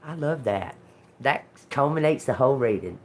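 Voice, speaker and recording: A woman hosting a tarot livestream, telling a story in a casual, animated way, swearing freely and laughing often. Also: rumbling low, moderate pace. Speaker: tarot reader livestream host.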